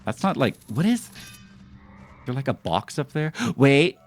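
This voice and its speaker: A man with a mid-range voice speaks at a moderate pace while streaming a video game, with faint music behind him. His live commentary is lively as he talks with viewers and pokes fun at his fails.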